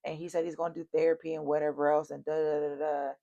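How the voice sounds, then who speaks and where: A woman's voice: sits low, little pitch movement, fast talker, dark tone, lo-fi sound. A woman voicing a naive young woman who gushes that her partner has finally come back to her. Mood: gushing. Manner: gushing, trusting.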